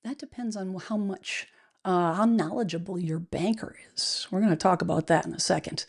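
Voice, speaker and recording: A woman's voice: on the low side, normal speed, creaky. A woman hosting a casual livestream, greeting her chat in an upbeat, chatty way with many fillers and restarts. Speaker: livestream host, real estate advisor. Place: home studio, indoors.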